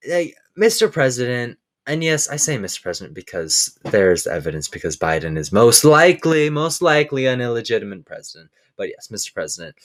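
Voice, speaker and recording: A man hosting a casual political commentary show, enthusiastic and peppering his talk with "all right". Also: mid-range voice. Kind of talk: casual commentary over clips.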